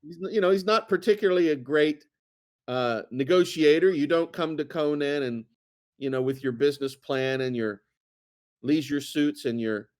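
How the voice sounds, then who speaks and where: A man's voice: fairly high pitch, normal speed. A man co-hosting a casual chat, talking in a rambling way with many fillers and restarts. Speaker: co-host.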